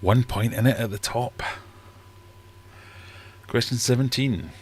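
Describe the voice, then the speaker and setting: A man's voice: mid-range voice, slow pace, long pauses, darkish tone, a little hiss or hum. A man hosting a casual live-stream quiz, chatty and joking as he reads out the questions. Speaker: livestream quiz host.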